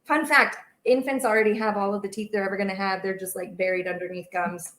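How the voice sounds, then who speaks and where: A woman's voice: mid-range voice, fairly even intonation, quick pace, fairly bright tone, roomy sound. A young woman hosting a casual baking livestream from her home kitchen, chatting and reading out viewer comments. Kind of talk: casual live-stream chat while cooking.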